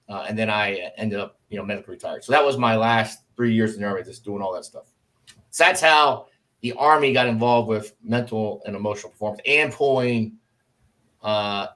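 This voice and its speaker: A middle-aged man, a former Army officer, telling stories in a casual podcast interview and acting out the people he quotes. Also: lowish voice. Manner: animated storyteller, acts out quoted voices.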